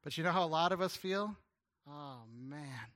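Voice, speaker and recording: A man preaching a sermon as a guest pastor, telling an earnest story with stammered restarts and some hushed, tender moments. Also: sits high, steady tone, fast talker. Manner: drops to a hushed, tender voice at emotional points.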